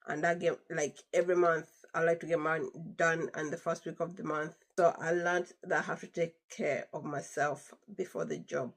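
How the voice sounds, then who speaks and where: A woman's voice: deep voice, creaky, husky. A young adult woman casually telling a story to her viewers, emphatic and chatty, repeating phrases for stress. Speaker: vlogger telling a work story.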